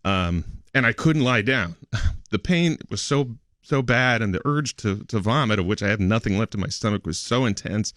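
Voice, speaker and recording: Lowish-voiced man telling a halting story. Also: expressive, fairly bright tone, dry recording, studio quality. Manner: halting, hesitant storytelling with frequent laughs. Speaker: radio show regular. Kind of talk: emotional radio studio talk. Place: radio studio.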